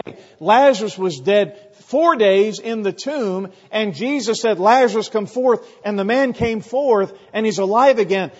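A man preaches with emphasis, slipping into the voices of the crowd. His voice sits high. It rings with long reverb in a church hall, through a dull, lo-fi recording. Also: darkish tone. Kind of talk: sermon.

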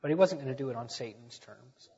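A man delivers a sermon in a slightly husky voice, building to loud emphatic peaks before falling back to a hush. The sound is dull and muffled, carried on the long reverb of a large church hall. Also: mid-range voice, lively intonation, quick pace. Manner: preaching with swells in volume, then dropping quiet. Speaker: preacher. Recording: dull echoey sanctuary recording.

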